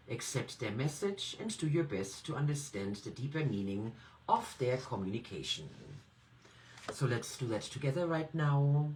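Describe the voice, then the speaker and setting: A woman NLP coach leading a guided self-reflection exercise, speaking gently and encouragingly straight to the listener. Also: very deep voice, rough recording.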